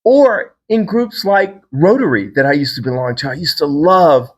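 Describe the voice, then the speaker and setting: A man's voice: a little high, lively intonation, normal speed. A man from Virginia, a fitness trainer and podcast host, talking to the camera in a casual, rambling, enthusiastic solo monologue.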